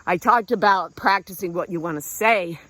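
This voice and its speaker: A woman's voice: lowish voice, normal speed, fairly bright tone, dry recording. A middle-aged woman talking casually while walking outdoors, encouraging and a little out of breath. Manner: encouraging, conversational, breathing hard while hiking. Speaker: vlog host and self-help speaker. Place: outdoors walking around a lake.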